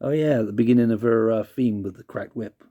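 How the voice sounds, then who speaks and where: A man's voice: medium pitch, fairly quick, mellow, muffled recording. A man casually rambling through a CD review, self-deprecating and apologetic. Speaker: vlogger reviewing a CD.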